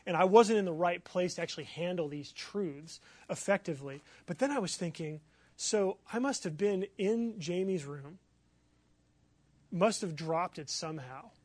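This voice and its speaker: A man preaching as a pastor, telling a personal story in an animated, excitable way with many fillers. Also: high voice, no room sound. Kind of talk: sermon storytelling.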